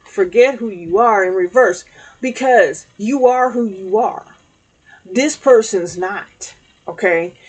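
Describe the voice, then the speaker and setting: A woman's voice: mid-range voice, husky, rough recording. A woman giving a spiritual tarot reading, talking straight to her viewers and checking in often with "okay?". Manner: slow, emphatic, frequent "okay?" check-ins; speaks directly to viewers, conversational. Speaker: tarot reader.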